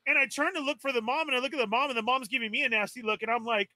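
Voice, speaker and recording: Host, male, high and bright voice, excitable storyteller, dry close mic. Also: very fast, few pauses, dry recording. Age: adult. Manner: excitable, exasperated, acts out his own quotes. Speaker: toy podcast co-host. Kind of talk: animated storytelling on a live stream.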